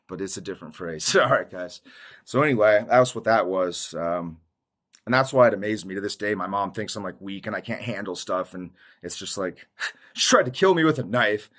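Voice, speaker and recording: A man's voice: on the low side, fairly bright tone. A man giving a casual testimony monologue to his viewers, rambling in slangy speech, saying "dude" often and laughing mid-sentence. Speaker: YouTuber giving a Christian testimony.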